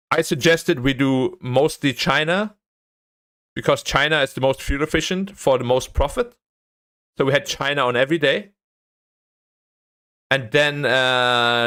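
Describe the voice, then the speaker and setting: A young man streaming, chatting casually about a training day and ranting with frequent swearing. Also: medium pitch. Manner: animated ranting, swears, voice jumps up when annoyed. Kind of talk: casual chat.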